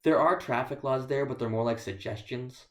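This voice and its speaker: In an echoey church sanctuary, a man speaks as a visiting missionary, telling stories with dry, self-deprecating humor. His voice sits at a medium pitch, with a fairly bright tone and a normal pace.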